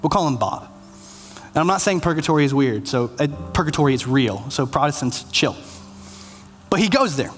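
A man's voice: a little high, animated, moderate pace, pauses often. A man preaching a sermon in an earnest, conversational way. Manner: earnest, conversational, self-deprecating. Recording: long hall reverb, faint music.

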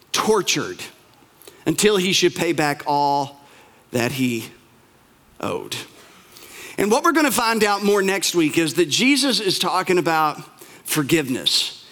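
A male pastor retelling a parable in a sermon, emphatic and repetitive, slowing down on key words. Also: high voice, a bit bright. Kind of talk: sermon storytelling.

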